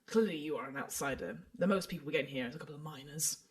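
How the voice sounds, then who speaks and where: A woman voicing a calm male half-elf tavern regular who speaks low and quiet. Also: racing, natural voice. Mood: dry.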